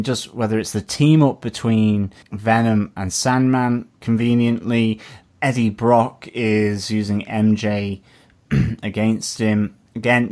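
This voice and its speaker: A man with a fairly low voice rambles through a casual film review chat. He hesitates and circles back often as he builds his point. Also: darkish tone. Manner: rambling, hesitant with many fillers. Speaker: podcast co-host.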